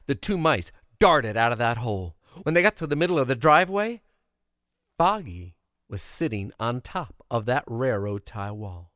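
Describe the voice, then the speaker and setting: A man telling a folksy childhood tale in an animated, expressive way. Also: medium pitch, moderate pace, dry recording, studio quality. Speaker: storyteller. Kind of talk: oral storytelling of a childhood tale.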